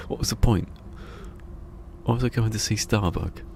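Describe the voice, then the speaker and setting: A man's voice: fairly low pitch, measured pace, a little mellow, a little hiss or hum. An English man streaming a game live, chatting casually in a rambling way, often restarting his sentences. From England.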